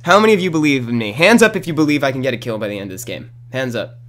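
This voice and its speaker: Guy rambling over his gameplay, mid pitch, yells at the game now and then. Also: animated, rapid-fire. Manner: chatty and rambling, with sudden loud outbursts at the game. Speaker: gaming commentator. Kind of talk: casual gameplay commentary. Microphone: new desk condenser microphone.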